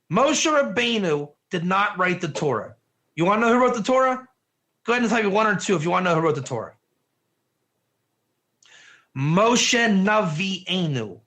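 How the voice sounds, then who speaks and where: A man's voice: high voice, sing-song, moderate pace, pauses often, pushed and bright. A man teaching an interactive online Torah class, emphatic and firing rhetorical questions at his viewers.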